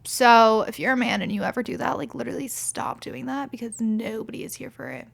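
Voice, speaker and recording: A woman's voice: on the high side, brisk, creaky. A young woman hosting a podcast, telling stories in a blunt, exasperated way, swearing freely and saying "like" often. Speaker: podcast host. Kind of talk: casual storytelling monologue.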